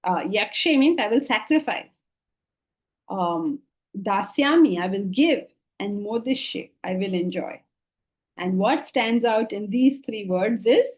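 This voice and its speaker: A woman's voice: mid-range voice, animated, slow pace. A woman with an Indian English accent giving a scripture lecture, emphatic and repeating key phrases, slipping into Sanskrit and Hindi. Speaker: Vedanta teacher.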